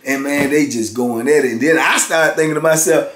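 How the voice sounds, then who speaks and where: A man in his fifties telling a prison story in casual, animated talk. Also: on the high side, a little fast. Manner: animated, acts out others' voices. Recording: roomy echo.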